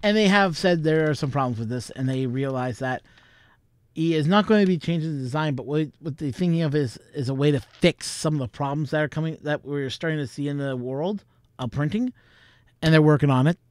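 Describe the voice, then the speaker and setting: A man's voice: fairly high pitch, brisk, a little mellow, dry recording. A man hosting a vlog in casual chat, rambling, chuckling and thinking aloud. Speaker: vlog host.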